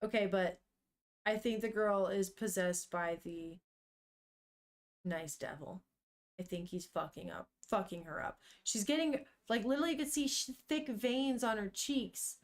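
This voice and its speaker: A young woman streaming to her chat, reading a manga aloud and reacting in a chatty, animated way with casual swearing. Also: medium pitch, measured pace.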